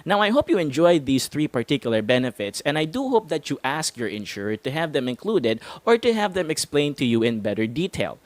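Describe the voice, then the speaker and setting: A man's voice: on the high side, big pitch swings, a little fast, few pauses, no room sound. A man hosting an explainer talk, chatty and laughing between points, with a sing-song stress on some words. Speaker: host. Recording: music playing under the voice. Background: hip hop music.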